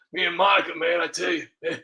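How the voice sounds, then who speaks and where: A man's voice: on the high side, fairly even intonation, normal speed, creaky, bright, forceful tone, exaggerated voice. A man doing an impression of a boastful, lecherous older ex-president with a folksy drawl.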